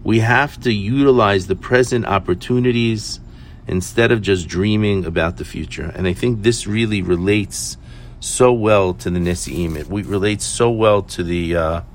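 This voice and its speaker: A man's voice: fairly low pitch, normal speed, slight background noise. A man giving an earnest Torah teaching, asking questions and telling a story with hesitant fillers. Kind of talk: sermon with storytelling.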